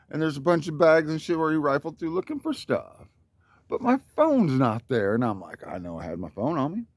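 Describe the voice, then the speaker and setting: A man's voice: a little high, huge pitch swings, normal speed, dry recording. A man telling a rambling, profane story about his life, boastful and worked up. His voice jumps up when he quotes other people. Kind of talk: rambling monologue.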